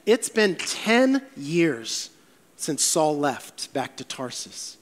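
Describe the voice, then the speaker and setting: A man preaching a sermon as a pastor in a church, telling stories with animated, voiced quotes. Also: a little high, extremely slow, in a large hall.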